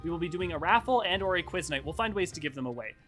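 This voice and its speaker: A man streaming a game and chatting casually about its lore, animated and self-deprecating, quick to react to his viewers. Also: a little high, faint music behind. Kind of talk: casual live-stream commentary.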